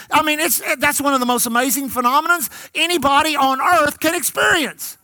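Pastor, fifties, high bright voice, emphatic sermon delivery, repeats key lines to the church; dry close recording. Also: male voice, brisk, hardly any pauses, dry recording.

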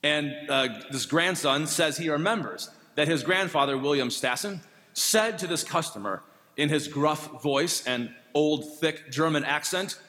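A man preaching a sermon in a conversational, gently humorous way. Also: on the high side, measured pace. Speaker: pastor. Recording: long reverb.

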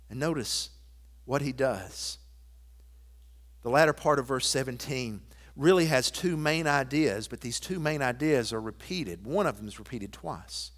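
A man preaching a sermon, quoting scripture and hymn lines and moving from loud emphatic declarations to soft, intimate asides. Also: medium pitch, animated, measured pace. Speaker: pastor.

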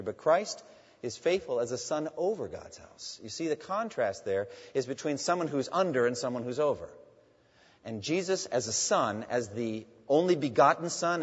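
A man preaching a sermon as a pastor, emphatic and swinging between loud and hushed. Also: medium pitch, slightly rough. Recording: dull sound in a long-reverb hall.

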